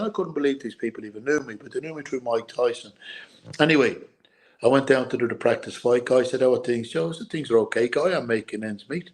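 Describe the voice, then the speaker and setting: A middle-aged man with an Irish accent tells his life story as an interview guest. He stumbles and repeats himself, and tears are never far off. His voice sits at an ordinary pitch for a man. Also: a little mellow. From Ireland. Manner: halting, repeats words, tearful at times. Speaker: guest, former boxer.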